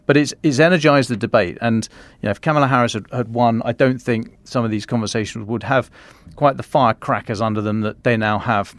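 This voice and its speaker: A man's voice: mid-range voice, a little fast, no echo. A man co-hosting a podcast, musing aloud in casual discussion, often restarting his sentences. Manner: thinking aloud, frequent restarts and fillers.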